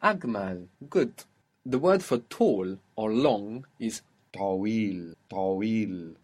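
Low-voiced man teaching Arabic patiently. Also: big pitch swings, darkish tone, breathy edge. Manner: patient, explains slowly, prompts with questions. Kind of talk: spoken language lesson.

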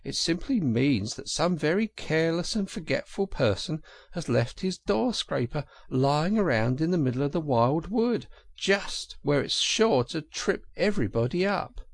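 A man voicing a fussy, pettish male mole who whines in a high, fretful voice. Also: sing-song, measured pace, creaky, no echo, clean studio sound, heavily acted. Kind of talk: audiobook character reading.

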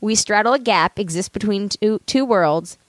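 A woman's voice: medium pitch, moderate pace, no room sound. A woman in her thirties co-hosting a podcast, reading an article aloud in casual chat and laughing often with jokey asides. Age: 30s. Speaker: podcast co-host.

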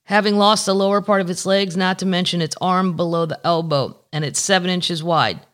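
This podcast host speaks fairly quickly in a mid-range, slightly bright voice with fairly even intonation. The candid, profane chat rambles as news items are read out and remarked upon.

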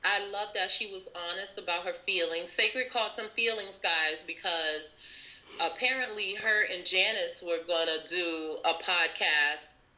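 A woman's voice: fairly low pitch, measured pace, sharp tone, poor audio. A young woman hosting a podcast in a casual chat, enthusiastic and affirming, laughing often. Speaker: podcast host.

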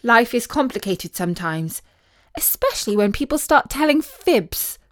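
A woman narrating a children's story in a gentle, expressive storytelling voice. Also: fairly high pitch, normal speed.

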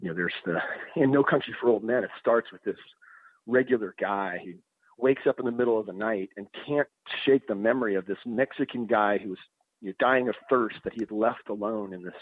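A man's voice: fairly low pitch, a little fast, no echo. A man talking casually and thoughtfully about books, with frequent restarts and hesitations. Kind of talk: casual conversation. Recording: dry tinny phone-like sound.

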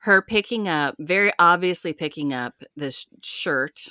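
A woman's voice: lowish voice, expressive, a little slow, sharp tone, dry recording, clean studio sound. A woman co-hosting a podcast, chatting casually and sarcastically, laughing often as she recaps a show. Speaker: podcast co-host.

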